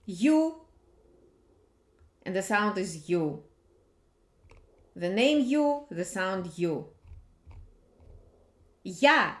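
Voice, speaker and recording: Woman teacher, repeats each sound patiently, very slow, roomy echo. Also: mid-range voice, big pitch swings. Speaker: language teacher. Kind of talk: slow alphabet lesson. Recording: echoey room.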